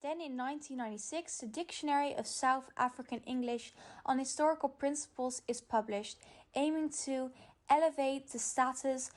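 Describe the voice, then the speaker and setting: A young woman reading a school presentation voice-over in a careful, halting way. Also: sits high. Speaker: student presenter.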